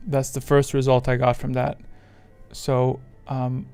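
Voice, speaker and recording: A man's voice: medium pitch, level tone, normal speed, clear, resonant tone, faint music behind. A man streaming live, rambling in casual chat, swearing freely and reading viewers' messages aloud.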